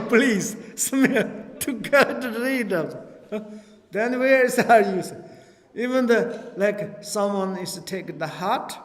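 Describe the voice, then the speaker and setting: A high-voiced man, a Buddhist teacher, gives a dharma talk at a retreat in broken, non-native English. He is lively and laughs as he acts out dialogues. The retreat hall echoes heavily, leaving a long reverb on the recording.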